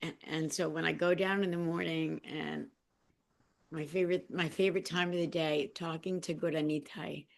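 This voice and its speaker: A woman guest on a podcast, sharing personal experiences in a heartfelt, emotional and halting way, with many restarts. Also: sits low, fairly even intonation, gravelly.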